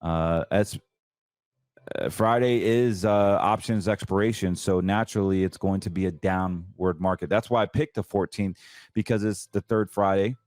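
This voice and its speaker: Chatty low-voiced man talking markets. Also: fairly even intonation, moderate pace, a little mellow, no room sound, clean studio sound. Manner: chatty, emphatic, stumbles and self-corrects. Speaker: financial show host. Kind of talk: casual market commentary.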